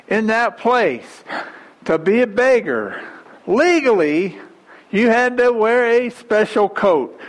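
A male preacher delivers a sermon in a high voice. He speaks slowly and deliberately, retelling the story with animated emphasis. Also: poor audio.

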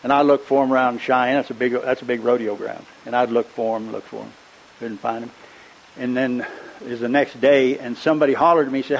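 An older man preaching a sermon in a rambling, conversational way. He tells folksy stories and often stops to clear his throat. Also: medium pitch, steady tone, a little fast, low-quality recording.

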